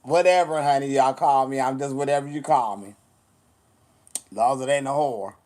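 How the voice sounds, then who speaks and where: A man's voice: medium pitch, normal speed, darkish tone. A man chatting casually on a livestream, sassy and blunt, swearing a lot as he answers comments.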